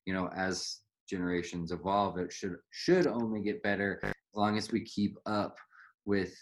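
A man's voice: low-pitched, moderate pace. A young adult man in casual conversation, reflective, talking in long winding sentences.

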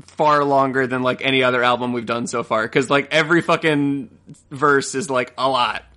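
A man's voice: mid-range voice, fairly even intonation, moderate pace, sharp tone. A man co-hosting a podcast in casual chat, laid-back, swearing and laughing easily. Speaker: podcast co-host.

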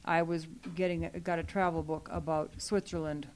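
A woman with a fairly low voice speaks to a group in a meeting. She is earnest and explanatory, and her talk is full of fillers and restarts. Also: little pitch movement, normal speed, a little mellow, slight background noise. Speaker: library program staff speaking to a user group. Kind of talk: meeting discussion.

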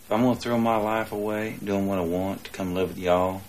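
An actor playing a bullying bully-dad. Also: male voice, on the low side, steady tone, a little fast, darkish tone, a little hiss or hum, lightly acted. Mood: menacing. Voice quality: gruff, swaggering, profane. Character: crude, bullying Southern man laying down household rules. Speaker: film character.

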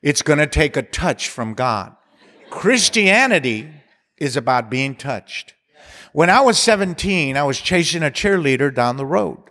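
A man's voice: fairly high pitch, very animated, measured pace, a bit bright, long reverb tail. A man preaching a sermon, building to passionate appeals and mixing in humor. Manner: preaching with rising intensity and leading songs. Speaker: pastor.

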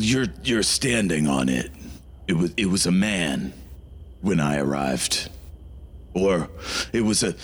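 A man playing a pious, formal warrior who speaks slowly and solemnly in a tabletop game. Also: lowish voice, husky, pitched below the performer's own voice. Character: pious earnest male paladin, formal and apologetic.

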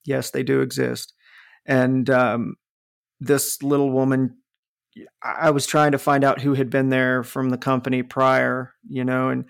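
A man with a northern US accent tells stories in relaxed conversation. His voice has a gravelly edge in a middle register. He talks in an animated way, swearing and laughing as he goes. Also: medium pitch, a little slow. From northern United States. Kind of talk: casual storytelling chat.

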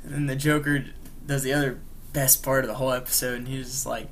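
A man's voice: mid-range voice, little pitch movement, fast talker, fairly bright tone. A man co-hosting a podcast, casually retelling a story in a rambling way, full of "like" and "you know". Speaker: podcast co-host. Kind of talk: casual chat.

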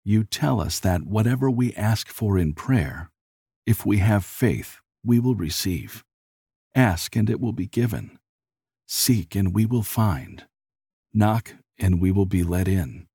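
A man's voice: on the low side, animated, slow pace, warm tone, breathy edge, no room sound, clean studio sound, full character voice. A man voicing a poor, devout middle-aged father who talks in a choked, quavering voice as he holds back tears. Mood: tearful prayer.

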